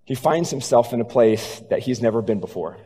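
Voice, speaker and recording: A pastor preaching a sermon, telling the story and dropping low and quiet for emphasis. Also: male voice, animated, a little fast, slightly rough, big-room sound.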